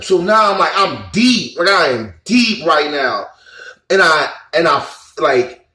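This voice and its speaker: A man's voice: on the high side, animated, moderate pace, sharp tone. A man telling a personal experience in a rambling, earnest way, full of fillers and restarts. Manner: earnest, emotional. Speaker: vlogger. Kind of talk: casual personal storytelling. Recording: echoey room.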